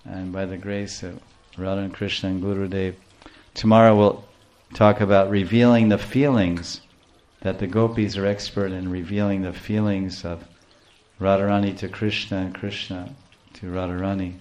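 Male spiritual teacher, fairly low voice, playful and lively devotional storyteller who laughs often. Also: moderate pace.

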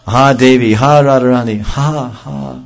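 A man's voice: medium pitch, steady tone, unhurried, gravelly, dull audio. A man voicing a desperate, devoted male saint crying out in anguished, pleading prayer.

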